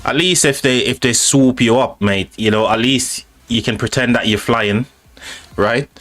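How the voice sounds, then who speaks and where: A man's voice: mid-range voice, unhurried, fairly bright tone, soft background music. A man with a British accent hosting a live stream, chatting casually and reading out viewer comments, friendly and calling people mate and buddy.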